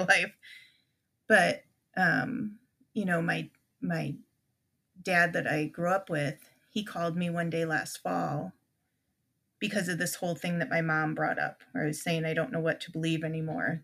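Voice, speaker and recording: A woman's voice: low-pitched, flat delivery, moderate pace, vocal fry, a bit bright. A middle-aged woman, a podcast guest, telling an emotional personal story with many restarts and quoted conversations.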